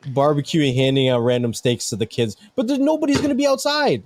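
A middle-aged man co-hosting a casual chat, animated and joking, swearing freely. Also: fairly high pitch, a little fast, no echo.

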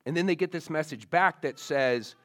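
A man's voice: on the high side, moderate pace, fairly bright tone. A male pastor preaching a sermon in a casual storytelling way, with many fillers, speaking to young listeners.

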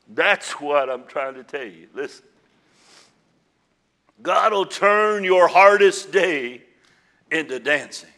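A man preaching a sermon as pastor, dropping to a hush and then rising to loud, fervent peaks. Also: a little high, expressive, slow pace, pauses often. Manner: swings from hushed to loud and fervent.

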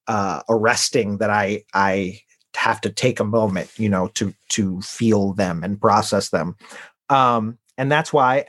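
A man co-hosting a podcast, chatting casually and rambling, with lots of fillers as he searches for words. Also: medium pitch. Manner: rambling, many fillers and restarts. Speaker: podcast co-host. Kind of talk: casual chat.

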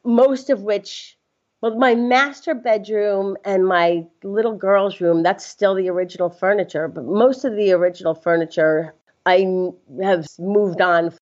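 A woman's voice: mid-range voice, unhurried. Chatty woman telling a story, muffled sound. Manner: animated, laughs often, acts out quotes. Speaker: interview guest. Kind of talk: casual storytelling. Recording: slightly dull lo-fi sound.

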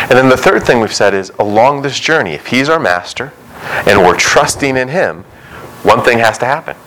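A man's voice: mid-range voice, lively intonation, normal speed, a bit bright, slight background noise, rough recording. A young adult male pastor preaching a sermon in a conversational way, acting out quotes and dialogue.

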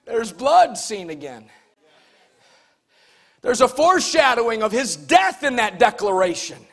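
A man preaching a sermon in a rhythmic, emphatic way, swinging from hushed lines to shouted ones. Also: extremely high pitch, sing-song, unhurried, creaky. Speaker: pastor.

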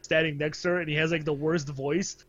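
Podcast co-host, male, slightly high voice, easygoing chatter, muffled lo-fi mic. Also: brisk, breathy edge. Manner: laughs often, relaxed and chatty. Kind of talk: casual chat.

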